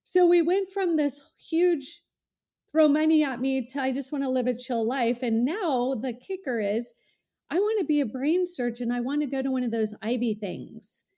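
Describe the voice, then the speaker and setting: A middle-aged woman, a college strategist guest, telling a lively story in a podcast interview and acting out the dialogue. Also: high-pitched, normal speed. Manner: animated, acts out dialogue in quoted voices.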